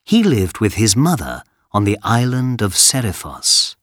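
A man narrating a scripted story for a coursebook, clear and deliberate. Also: on the low side, big pitch swings, a bit bright, no echo, clean studio sound.

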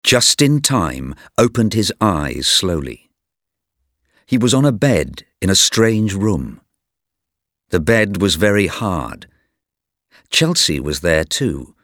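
Slow, bright-voiced male narrator. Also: low-pitched, very animated, no room sound, clean studio sound. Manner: clear, slow and deliberate. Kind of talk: slow graded reader narration.

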